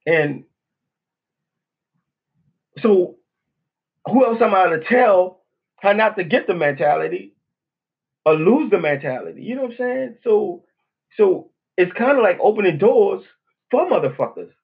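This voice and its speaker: A man's voice: sits high, expressive, a little slow, creaky, long pauses, slightly rough, phone-quality sound. A man with a New Orleans accent, hosting a podcast as a casual, profane monologue, blunt and rambling with frequent "you know what I'm saying". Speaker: podcast host.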